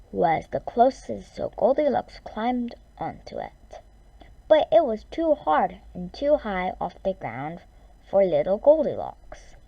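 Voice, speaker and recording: Woman reading a bedtime story, slow and lively in pitch, mellow tone, muffled recording. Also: vocal fry. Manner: expressive, drawn-out reading. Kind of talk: storybook read-aloud.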